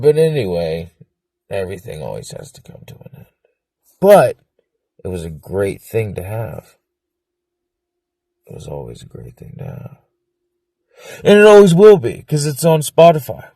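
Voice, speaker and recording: A man interviewed about his former band, talking in a rambling, profane, excitable way and laughing often. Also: lowish voice, normal speed, gravelly, pauses often, no room sound. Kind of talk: casual documentary interview.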